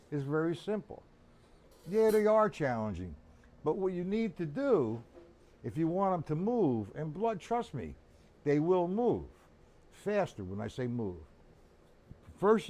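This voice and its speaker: A man's voice: fairly high pitch, warm tone. An older man teaching a live-streamed drum lesson, chatty and instructive, calling on viewers by name, with drumming behind him.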